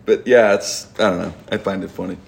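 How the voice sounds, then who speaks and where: Gravelly middle-aged man rambling. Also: deep voice, a little fast. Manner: rambling, stumbling restarts, animated laughing storyteller. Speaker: podcast host. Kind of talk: casual storytelling chat.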